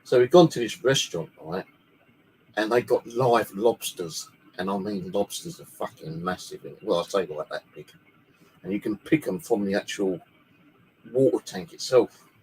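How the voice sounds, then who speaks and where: A man's voice: lowish voice, lively intonation, moderate pace, a little mellow, slight background noise, low-quality recording. A man from the UK, telling a long story in a casual, rambling way and swearing freely, speaking alone in his bedroom. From United Kingdom. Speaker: paranormal channel host.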